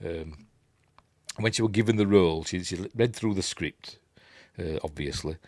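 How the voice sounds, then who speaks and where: A man's voice: deep voice, normal speed, a little mellow, no room sound, clean studio sound. A man with a Yorkshire accent hosting a casual film breakdown, rambling and chuckling as he acts out the characters' lines. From Yorkshire, England. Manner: rambling and chatty, chuckling, acting out quoted lines in raised voices. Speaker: film review host.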